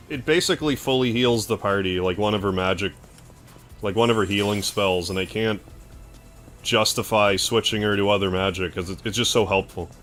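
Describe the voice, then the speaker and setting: Canadian male streamer, low-pitched, casual chatter, bursts of excitement, faint music underneath. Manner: excitable outbursts, laid-back thanks. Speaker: game streamer. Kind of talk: casual gameplay commentary, thanking chat.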